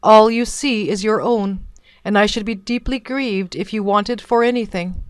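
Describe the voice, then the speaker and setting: A woman reading a gentle, sad beast. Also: medium pitch, steady tone, normal speed, no echo, lightly acted. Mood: polite. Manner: melancholy, awkwardly polite.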